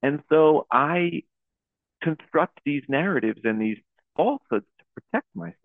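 A young man leading a Buddhist dharma talk, speaking in a halting, searching way with many restarts. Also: on the high side, animated, no room sound. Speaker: teacher leading a Zen talk. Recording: tinny phone-like audio.

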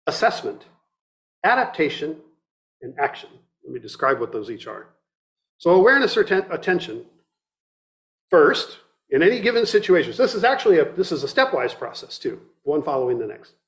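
A middle-aged meditation teacher gives a dharma talk, reflective and measured, often restarting and partly reading from a book. His voice sits on the high side, sing-song and a bit bright.

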